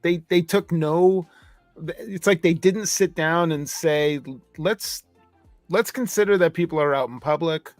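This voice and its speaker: Male co-host, mid pitch, rambling storyteller, dry studio sound, faint music. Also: unhurried, no room sound. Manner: rambling anecdotes with frequent restarts. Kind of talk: casual review chat.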